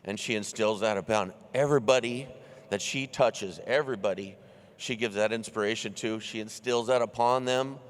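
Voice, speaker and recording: A man's voice: on the low side, normal speed. A young man giving an earnest, heartfelt stage introduction at a large convention. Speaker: introducing speaker. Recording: long hall reverb in arena.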